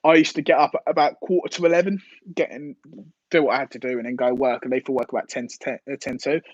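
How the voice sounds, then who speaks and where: A man's voice: mid-range voice, fairly even intonation, fast talker, no echo, muffled recording. A man hosting a casual live stream, rambling and hesitant with lots of fillers and restarts as he answers viewers' questions.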